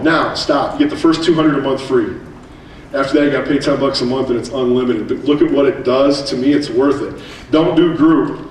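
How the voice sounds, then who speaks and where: American man, fairly high voice, lively storytelling, distant mic, booming hall echo. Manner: animated storytelling with quick asides. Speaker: keynote speaker, teacher. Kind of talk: conference keynote. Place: large hall. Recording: echoey hall, distant mic, faint noise.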